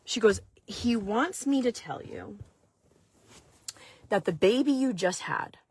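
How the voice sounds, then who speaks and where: Husky-voiced woman telling a story. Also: medium pitch, expressive, slow, darkish tone. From Maine. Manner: chatty, lots of "like" fillers. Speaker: vlog host. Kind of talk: casual storytelling.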